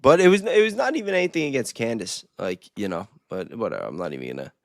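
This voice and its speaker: A man's voice: on the low side, very animated, fast, creaky, no echo, studio quality. A man co-hosting a casual live stream, rambling through stories with frequent laughs and restarts. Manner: rambling, laughs often, restarts mid-sentence. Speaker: stream co-host. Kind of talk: casual chat.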